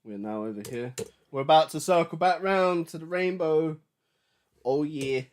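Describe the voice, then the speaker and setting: A man chatting loosely and excitedly while producing music on a livestream, with slangy, jokey banter. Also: a little high, moderate pace. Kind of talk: casual livestream chat.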